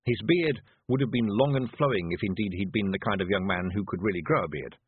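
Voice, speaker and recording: A man narrating an audiobook in a measured, wry manner. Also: lowish voice, a little hiss or hum. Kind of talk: scripted narration. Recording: dry tinny phone-like audio.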